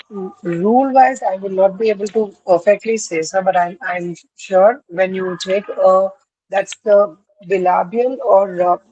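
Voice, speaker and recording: A woman's voice: medium pitch, dark tone, breathy edge, low-quality recording. A woman student answering her teacher politely and hesitantly, calling him sir and searching for words. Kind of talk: classroom answer.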